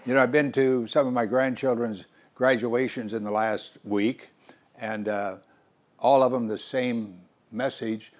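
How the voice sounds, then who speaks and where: Older male preacher, earnest and animated, mid-pitched voice. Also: measured pace. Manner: earnest, animated, rhetorical questions. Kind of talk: sermon.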